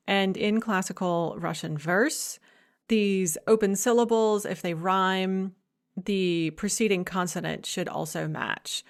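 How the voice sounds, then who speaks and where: A woman giving a recorded lecture, explaining points clearly and stressing key ideas. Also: mid-range voice, takes it slowly.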